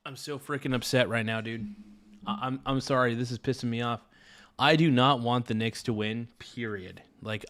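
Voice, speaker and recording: A man live-streaming, chatting casually and giving an excitable, frustrated play-by-play with frequent swearing. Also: medium pitch, clean tone.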